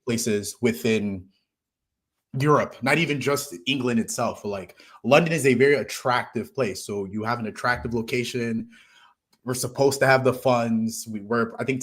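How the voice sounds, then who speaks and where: An American man talking football in a casual podcast chat, rambling and restarting his sentences. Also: medium pitch. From United States. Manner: rambling, restarts phrases, lively swings in loudness.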